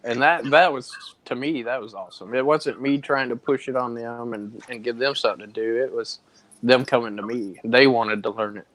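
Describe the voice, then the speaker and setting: Man telling an animated family story. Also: medium pitch, normal speed, no echo, low-quality recording. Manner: animated storytelling, mimics voices. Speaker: panel guest. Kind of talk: casual livestream chat.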